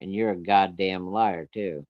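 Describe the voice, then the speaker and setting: A stern, suspicious farmer father, gruff and blunt, quick to anger, put on by a man telling the story. His voice sits fairly low, and the recording is dry and dull. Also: steady tone, no room sound.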